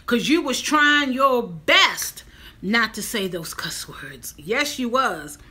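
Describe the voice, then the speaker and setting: A woman's voice: on the high side, takes it slowly. A woman, chatting casually and emphatically to viewers in a vlog. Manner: animated, talks straight to viewers, emphatic. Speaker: vlogger. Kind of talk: casual mukbang chat to viewers.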